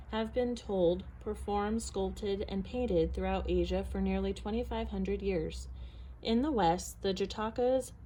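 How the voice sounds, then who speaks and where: A woman storyteller introducing a folktale and reading a picture book aloud in a measured, expressive way. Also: medium pitch, slight background noise, low-quality recording.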